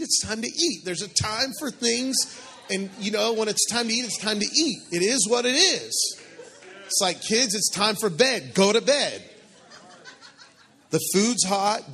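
Male pastor with a slightly high voice, conversational sermon delivery, funny and animated. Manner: animated, joking, conversational preaching.

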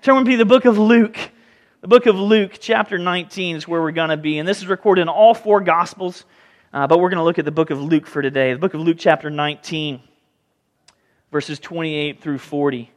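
A man preaching a sermon as pastor, lively, often acting out the voices of people in the story. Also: fairly high pitch, brisk. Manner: animated, acts out voices in the story. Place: church sanctuary. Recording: hall reverb.

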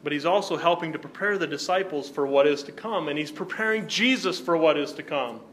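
This man teaches a Bible class, and his voice sits a little higher than most men's. He keeps turning to the room with "right?" and quick questions. A faint hum of room sound stays under him. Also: a bit bright.

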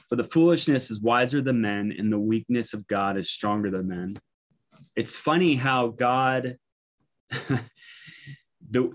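A man giving a conversational Bible teaching, reading verses and explaining them informally with many fillers and restarts. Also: mid-range voice. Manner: informal, thinking aloud, frequent fillers and restarts.

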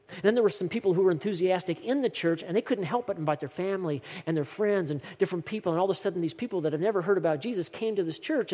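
A man's voice: high voice, darkish tone. A male pastor preaching a sermon in a church, driving his points home with short, repeated exhortations. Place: church sanctuary. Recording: long reverb of a hall.

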